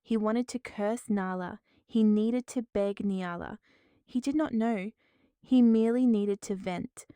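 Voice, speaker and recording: Woman narrator, scripted drama story, mellow tone, smooth voice, dry close sound. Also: mid-range voice, a little slow, no room sound.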